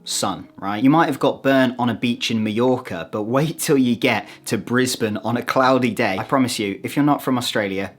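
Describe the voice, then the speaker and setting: A British man talking to camera in a vlog, expressive and playful, with sudden jumps up in pitch for emphasis. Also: normal speed, few pauses, faint music behind. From United Kingdom. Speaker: vlogger.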